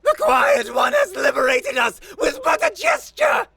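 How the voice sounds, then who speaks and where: A man's voice: very high voice, huge pitch swings, unhurried, vocal fry, raised voice, music in the background, pitched above the performer's own voice, exaggerated voice. A man voicing an ecstatic alien prisoner who screams fervent proclamations.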